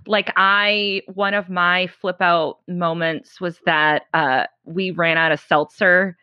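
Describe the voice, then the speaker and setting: A woman's voice: fairly low pitch, steady tone, slow, smooth, dry recording. A woman podcast host in casual chat, self-mocking and often restarting her sentences. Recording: dry, dull lo-fi sound.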